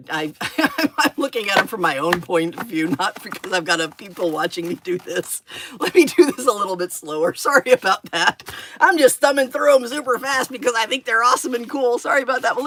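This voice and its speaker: A middle-aged woman hosting a live craft unboxing, rambling and gushing with gasps and excited exclamations. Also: medium pitch, slight background noise. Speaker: craft channel host. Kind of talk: live-stream unboxing chat.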